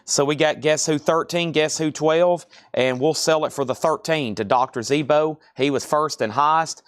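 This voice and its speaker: A man hosting a live online record sale, briskly announcing items, prices and buyers in a chatty way. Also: on the high side, clean tone, no room sound. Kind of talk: live online sales patter.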